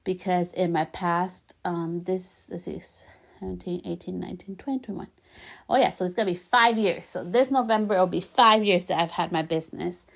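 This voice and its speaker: Woman, podcast host, solo talk, earnest, encouraging, repeated affirmations, slightly low pitch. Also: normal speed, creaky.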